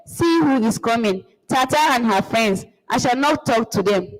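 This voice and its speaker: A woman's voice: on the high side, normal speed, lightly acted. A woman with a Nigerian accent reading the part of a proud, sulky village boy. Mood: haughty. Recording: long reverb.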